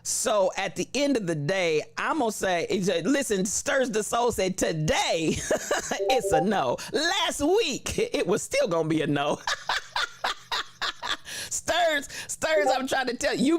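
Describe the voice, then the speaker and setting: A livestream host in casual chat, reading viewer comments aloud with slangy shout-outs and frequent laughter. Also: mid-range voice, dry recording.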